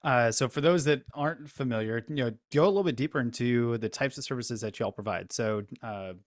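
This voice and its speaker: A man's voice: mid-range voice, a little fast, no echo, studio quality. A man hosting a business interview, upbeat and loose, saying y'all and you know. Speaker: host, business coach.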